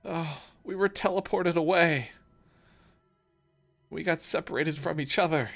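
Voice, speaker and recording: A woman voicing a grief-stricken pirate's mother who pleads in a high, tearful voice. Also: unhurried, vocal fry, faint music behind, heavily acted. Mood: tearful pleading.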